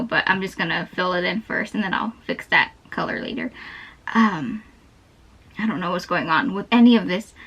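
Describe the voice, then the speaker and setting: A woman's voice: high-pitched, a bit bright. A young woman chatting casually while she draws, meandering and interrupting herself often. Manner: meandering, self-interrupting, giggly. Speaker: art channel host. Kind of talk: rambling chat over a drawing. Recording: dull lo-fi sound.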